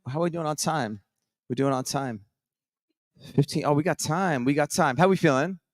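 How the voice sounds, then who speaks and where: A man's voice: fairly high pitch, normal speed, no room sound, clean studio sound. A man hosting a live show on a conference stage, telling stories in an upbeat, chatty, rambling way with many restarts. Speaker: host.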